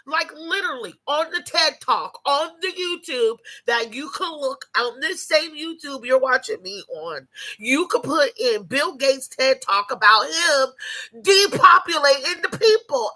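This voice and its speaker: A woman's voice: high-pitched, expressive, unhurried, sharp tone. A woman vlogger on an off-the-cuff rant to camera, profane and heated, rambling with lots of restarts. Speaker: YouTube vlogger.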